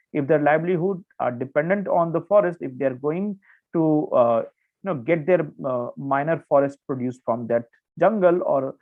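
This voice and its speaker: Indian English man, exam-prep lecturer, slightly high voice, halting with fillers, tinny phone-like audio. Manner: explains with many restarts and fillers, checks in with "okay". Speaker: exam coaching teacher. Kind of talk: online current affairs lecture.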